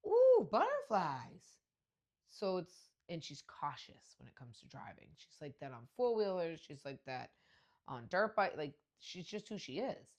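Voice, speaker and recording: A woman's voice: deep voice, animated, moderate pace. A woman in her forties hosting a podcast, telling casual stories in a brash, profane way with frequent laughter. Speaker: podcast host. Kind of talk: casual storytelling monologue.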